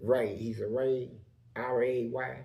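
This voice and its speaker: A man with a Southern US accent telling prison stories in a loose, animated way, acting out voices in the quotes. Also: mid-range voice, slow pace, vocal fry, roomy sound, highs cut off. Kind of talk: casual storytelling.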